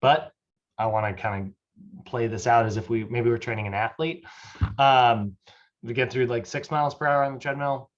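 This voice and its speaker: Male fitness instructor, casual lecturer, chatty and filler-heavy, mid-pitched, slightly muffled recording. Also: steady tone, moderate pace, a little hiss or hum. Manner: loose and chatty, lots of fillers. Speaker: personal fitness training instructor.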